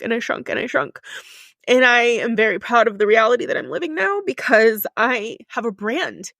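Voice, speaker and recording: A woman's voice: fairly high pitch, vocal fry, fairly bright tone, no room sound. A middle-aged woman speaks straight to her podcast listeners, open and heartfelt, with her feelings close to the surface. She leans on repetition to drive her points home. The close mic leaves her voice dry, with no room sound at all. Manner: emotional, candid, earnest; repetitive and emphatic. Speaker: podcast host. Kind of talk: solo podcast coaching talk.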